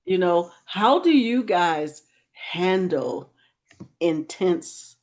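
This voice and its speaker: A woman with a lowish voice hosts a casual conversation. She tells stories with lots of energy, and her pitch leaps up when she is excited. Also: drawn-out words. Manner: animated storyteller, voice jumps up when excited. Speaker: host. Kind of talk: casual chat.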